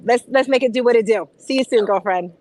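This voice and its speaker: A woman hosting a morning motivation show, talking in a bubbly, exclamatory, rapid-fire way. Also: on the high side, darkish tone, a little hiss or hum, poor audio. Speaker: host. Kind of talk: casual motivational chat.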